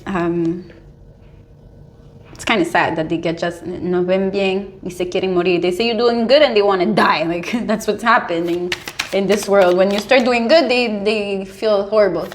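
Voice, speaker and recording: A young adult woman talking casually as a tarot reader, animated and full of "like"s, often breaking into laughter. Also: medium pitch, normal speed, a little hiss or hum. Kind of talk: casual spiritual advice monologue.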